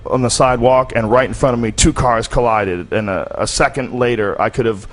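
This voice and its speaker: A man from the United States tells personal stories on a casual podcast he hosts, rambling, candid and profane. His mid-range voice has fairly even intonation and moves a little fast.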